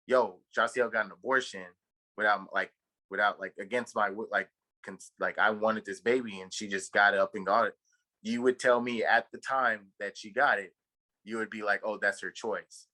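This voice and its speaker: A man's voice: fairly low pitch, steady tone, moderate pace, bright, forceful tone, poor audio. A man from Texas co-hosting a podcast, telling a long story in a rambling way, full of fillers and swearing. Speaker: podcast co-host. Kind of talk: casual chat.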